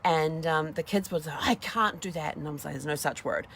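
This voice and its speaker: A woman's voice: low-pitched, moderate pace, fairly bright tone, a little hiss or hum. A middle-aged woman hosting a casual motivational talk, chatty and acting out little dialogues as she goes. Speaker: host.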